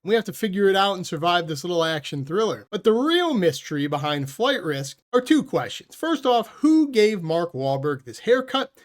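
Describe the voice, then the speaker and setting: Guy with a fairly high voice, snarky movie review, talks loose and chatty. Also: big pitch swings, normal speed, hardly any pauses. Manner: sarcastic, blunt put-downs; loose, conversational with self-corrections. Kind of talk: casual spoken film review.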